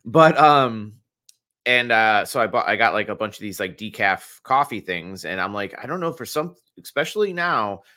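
Man co-host, bright tense tone, hesitant, restarts a lot, casual swearing. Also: lowish voice, expressive. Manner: hesitant, halting, many fillers and restarts, swears. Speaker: podcast co-host. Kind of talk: casual chat.

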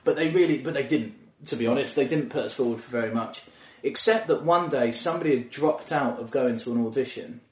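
Guest actor, man, animated anecdotal delivery, mid pitch, echoey room. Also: a little fast, hardly any pauses, far from the mic. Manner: lively storyteller, often laughing. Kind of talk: anecdotal storytelling in casual chat. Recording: roomy echo.

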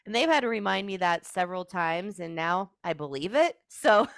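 Smooth-voiced earnest woman guest. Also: mid-range voice, expressive, normal speed, no echo, clean studio sound. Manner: earnest and heartfelt, with many "like" fillers. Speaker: podcast guest. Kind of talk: emotional personal storytelling.

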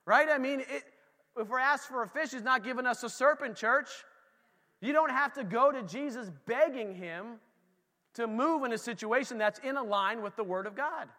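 A pastor preaching a lively, conversational sermon in a church, talking straight to his congregation. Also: extremely high pitch, normal speed, big-room sound.

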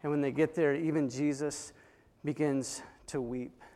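A fairly high-voiced man preaching a sermon, telling the story with dramatic swings from hushed to loud. His voice rings with long reverb, as if in a large hall. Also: steady tone, a little slow. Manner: dramatic retelling with swings between soft and loud.

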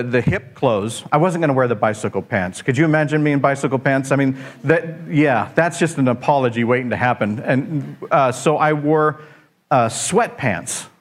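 A man, preaching a sermon full of humorous, self-deprecating stories, rambling and animated with frequent restarts. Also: medium pitch.

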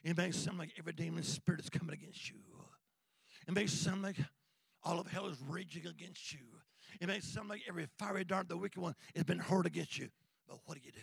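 A man preaching a sermon as an evangelist, with rhythmic call-and-response that swings from shouts to hushed whispers in a church. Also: sits high, fairly quick, creaky, slightly rough, no echo. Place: church sanctuary.

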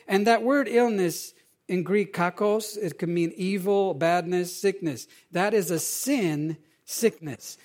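High-voiced man preaching a lively sermon. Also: a little slow. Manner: animated, conversational preaching with rhetorical questions. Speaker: pastor.

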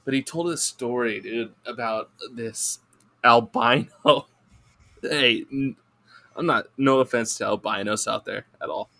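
A man's voice: mid-range voice, measured pace, creaky, bright, forceful tone. A man guesting on a podcast, telling a rambling, profane story in casual chat and laughing through it.

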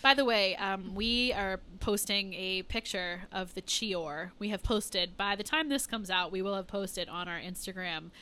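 A woman's voice: medium pitch, measured pace, hardly any pauses, sharp tone, smooth. A woman co-hosting a podcast in casual chat, laughing easily and giving lots of short agreeing replies. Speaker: podcast co-host.

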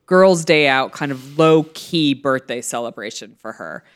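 A woman's voice: rumbling low, lively intonation, unhurried, clear, resonant tone. A woman co-hosting a podcast, agreeing emphatically and swearing in casual chat. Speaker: podcast co-host.

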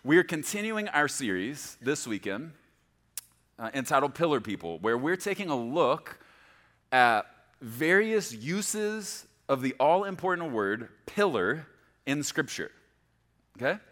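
A male pastor preaching a sermon, emphatic and lively, pushing ahead quickly and then slowing right down to stress a point, often checking in with the congregation. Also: medium pitch. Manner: animated, emphatic, speeds up and slows down for stress; checks in with the congregation, repeating "okay?".

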